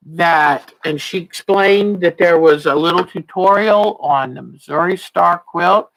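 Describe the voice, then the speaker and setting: Chatty and laughing, a quilting teacher in her sixties hosts a casual livestream, though she's slightly tired and yawns. Her voice is lowish and the recording is low quality.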